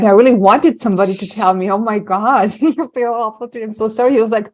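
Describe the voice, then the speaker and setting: Lively, laughing woman coach. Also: fairly high pitch, brisk, few pauses. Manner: lively, humorous, laughs while telling stories. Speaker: anxiety coach, podcast co-host. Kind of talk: casual podcast conversation.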